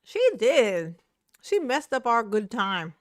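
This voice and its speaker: This online commentary host chats through a casual livestream, using plenty of slang, laughing often, and talking back to the video. Her voice is fairly high, sing-song, and slow, captured in clean studio sound with no echo.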